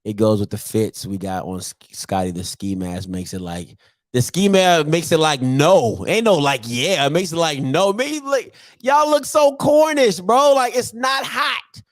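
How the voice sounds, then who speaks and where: A man, hosting a casual sports chat to camera, ranting and poking fun at old-timers with loud put-on voices. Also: on the high side, animated, measured pace, no room sound, clean studio sound. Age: 30s. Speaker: show host.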